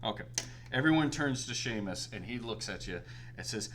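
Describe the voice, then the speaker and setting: A man's voice: mid-range voice, normal speed, crowd noise. A man narrating a tabletop game as game master, laughing often and belting out other voices. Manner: animated, laughing, belts out voices.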